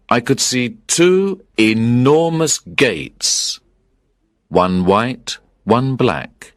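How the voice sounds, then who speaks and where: A man narrating an audiobook story in the first person, with clear, deliberate storytelling. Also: medium pitch, dry recording, studio quality.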